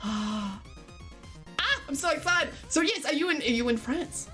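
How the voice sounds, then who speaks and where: A woman's voice: sits high, expressive, a little slow, fairly bright tone, faint music behind. A young Australian woman streaming, chatting loosely with her chat, swearing freely and laughing often. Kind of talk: casual chat with live chat.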